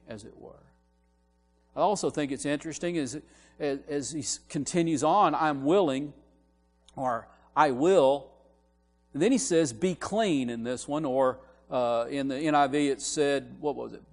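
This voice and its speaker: Earnest male preacher in a reverberant church. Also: fairly high pitch. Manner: earnest, explanatory, builds emphasis on key words, frequent restarts. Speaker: minister. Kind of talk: sermon with verse-by-verse Bible teaching. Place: church sanctuary.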